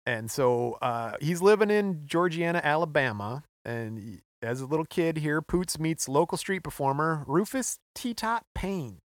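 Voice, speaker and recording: A man co-hosting a podcast, relaxed as he recounts a history story and laughing often. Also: a little high, measured pace, few pauses, no echo, clean studio sound. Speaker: podcast co-host. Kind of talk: casual storytelling chat.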